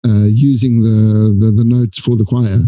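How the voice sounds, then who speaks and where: Male podcast host, very dark and warm tone, dry close sound, keen and halting. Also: lowish voice, little pitch movement, no room sound, low-quality recording. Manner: enthusiastic, searching for words. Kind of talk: casual conversation.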